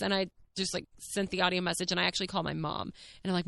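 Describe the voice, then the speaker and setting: A woman hosting her own podcast, telling a rambling story in a chatty, animated way. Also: mid-range voice, racing, gravelly. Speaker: podcast host. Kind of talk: casual storytelling monologue.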